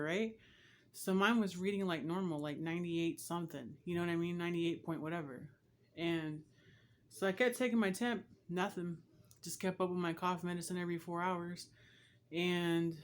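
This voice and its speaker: A woman vlogger telling a long personal story in a casual, rambling way, speaking straight to her viewers. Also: lowish voice.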